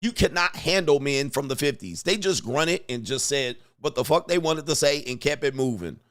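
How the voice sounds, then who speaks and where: A man hosting a commentary vlog, talking in a profane, animated way and acting out quotes. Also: a little high, moderate pace. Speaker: host.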